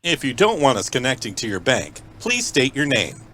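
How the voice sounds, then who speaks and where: A man making a prank phone call in a deadpan mock automated phone-menu voice. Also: mid-range voice, normal speed, a little hiss or hum. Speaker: prank caller.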